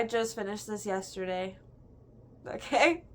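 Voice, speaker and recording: A woman's voice: mid-range voice, measured pace, fairly bright tone. A young woman in a casual book review chat, gushing and chatty, filling her talk with "like". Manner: gushing, chatty, heavy use of "like".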